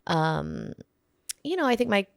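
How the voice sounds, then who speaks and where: Lively woman co-host, rambling delivery, dry close sound. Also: medium pitch, measured pace, gravelly, no echo. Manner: animated, rambling with restarts. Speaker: podcast co-host. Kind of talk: casual comedic chat.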